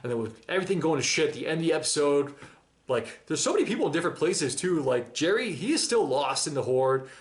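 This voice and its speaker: A man's voice: fairly high pitch, sing-song, fast talker. A man giving a casual, enthusiastic and emotional reaction monologue about a TV episode, using slang and nearly choking up. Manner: enthusiastic, emotional, slangy, breaks down near tears. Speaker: reaction channel host.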